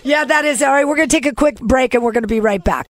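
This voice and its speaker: A woman hosting an interview, encouraging her guest with quick interjections and flattery. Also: high voice. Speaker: host. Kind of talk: casual interview chat.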